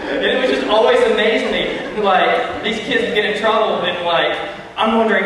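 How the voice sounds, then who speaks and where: A man's voice: high-pitched, normal speed, fairly bright tone, slight background noise. A man giving a conversational, story-driven Bible talk to children at a church. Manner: storytelling, conversational, addresses kids. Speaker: youth speaker. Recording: echoey hall, far from mic.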